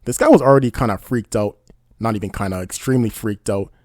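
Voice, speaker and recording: Man, casual commentary, indignant, rambling, quick, dry recording. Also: lowish voice, darkish tone, no room sound. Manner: indignant, rambling, repeats "you know what I mean". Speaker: commentary YouTuber.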